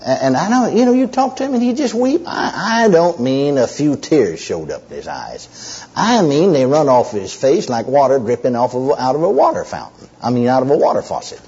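A man's voice: medium pitch, big pitch swings, moderate pace, warm tone, slightly rough. A man preaching and telling a story in an emotional, emphatic way, repeating himself and restarting phrases. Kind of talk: sermon storytelling. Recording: dull lo-fi recording.

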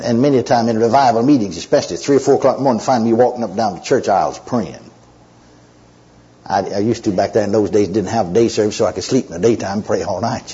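Very husky, animated preacher. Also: male voice, fairly low pitch. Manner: emotional, repetitive, emphatic restarts. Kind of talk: sermon storytelling. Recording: dull lo-fi recording.

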